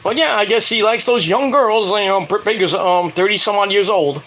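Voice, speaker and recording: At a moderate pace, this high-sitting male voice wanders through a crude, offhand rundown of a wrestling event. He's lively, performing the wrestlers' quotes in mocking voices.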